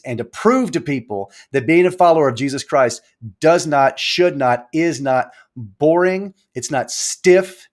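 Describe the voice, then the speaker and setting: A man hosting a casual live stream from a small room at home, rambling and animated, repeating himself as he talks. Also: medium pitch. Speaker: live show host.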